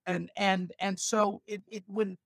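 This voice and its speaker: A male stand-up comedian from Los Angeles, telling stories with animated asides in a casual podcast chat. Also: high-pitched, a little slow, creaky, no room sound. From San Fernando Valley, Los Angeles.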